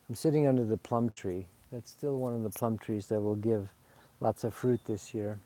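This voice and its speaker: A man's voice: fairly low pitch, a little mellow, slight background noise. A man from Sweden, slightly tipsy, talking in a rambling, confessional way outdoors in a garden, drifting from one story to the next. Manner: meandering, digressive, confessional. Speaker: spiritual vlogger. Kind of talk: rambling casual monologue. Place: outdoors in a garden under a fruit tree.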